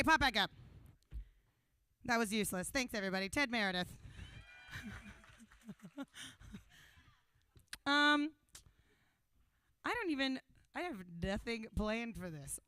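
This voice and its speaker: Young female emcee, bubbly and self-mocking; clear, crisp voice, dry close handheld mic. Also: fairly high pitch, pushed and bright, dry recording. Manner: bubbly, rambling, self-deprecating jokes. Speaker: emcee of a benefit show. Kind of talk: live stage emceeing. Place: small stage at a brewery event. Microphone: handheld microphone.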